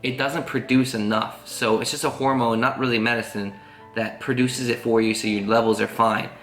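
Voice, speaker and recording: Casual vlogger man, bright forceful voice, rambling earnest telling, roomy echo, faint guitar behind. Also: medium pitch, steady tone, normal speed. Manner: rambling, earnest, full of "like" fillers. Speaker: family vlogger. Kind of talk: casual storytelling to camera.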